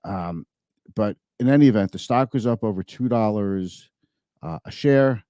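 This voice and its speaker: A man's voice: fairly low pitch, moderate pace, warm tone, no echo, clean studio sound. A man hosting a finance show, giving casual market commentary in a chatty, thinking-aloud way and often correcting himself mid-sentence.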